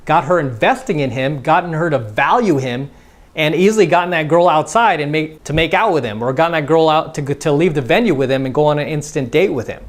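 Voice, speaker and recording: A man giving a casual, conversational dating lesson as a coach, acting out both sides of example conversations. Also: fairly high pitch. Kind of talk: instructional monologue.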